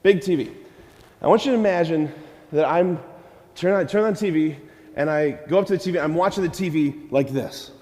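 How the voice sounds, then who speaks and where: Animated high-voiced priest in a reverberant church. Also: male voice, brisk. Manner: animated, questions the congregation and acts out prayers. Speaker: Catholic priest. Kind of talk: lively homily.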